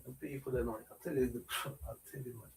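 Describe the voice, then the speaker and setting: A man's voice: mid-range voice, steady tone, fast, creaky, a little hiss or hum. A man hosting a livestream, talking casually and rambling with many restarts and repeated phrases. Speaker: livestream host.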